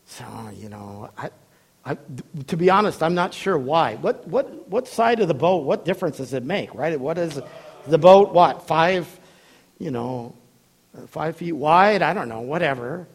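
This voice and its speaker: Male preacher, sermon, high voice, very lively pitch, storytelling with acted-out voices. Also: a little slow, slightly rough. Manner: animated storytelling, acting out voices, laughs often.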